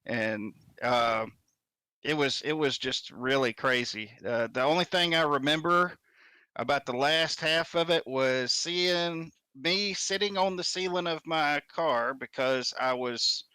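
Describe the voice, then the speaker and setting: A man hosting a casual chat, telling a story in a relaxed, chatty way. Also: fairly high pitch, measured pace, clear, resonant tone, no room sound.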